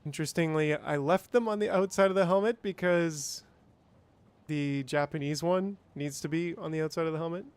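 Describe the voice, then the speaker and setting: A man's voice: a little high, moderate pace, clear, resonant tone. A man streaming a game, chatting casually and thinking aloud, with playful sound effects. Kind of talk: casual gameplay livestream chat.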